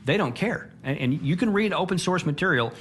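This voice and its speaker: A man's voice: on the high side, lively intonation, a little fast, fairly bright tone, a little hiss or hum. A man speaking in a documentary interview, blunt and emphatic, often restarting his words. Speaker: interviewed commentator.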